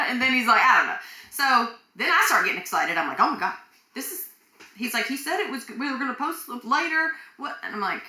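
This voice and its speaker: A woman co-hosting a podcast, telling a story in an animated way, acting out quotes and laughing often. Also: fairly high pitch, brisk, echoey room. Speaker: podcast co-host. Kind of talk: casual chat.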